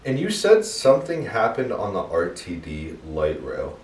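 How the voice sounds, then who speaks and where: A young man co-hosting a casual podcast, reacting with lively laughs and questions. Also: deep voice, measured pace. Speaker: podcast co-host. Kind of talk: casual chat. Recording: roomy, distant mic.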